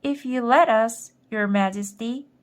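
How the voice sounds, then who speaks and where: A woman voicing a quick-thinking young boy, polite and eager, pleading with an ant queen in a storybook reading. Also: on the high side, lightly acted.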